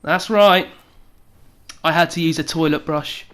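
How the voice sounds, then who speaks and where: A young woman telling a crude comic story as a vlogger, swearing freely and acting out quotes loudly. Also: low voice, unhurried.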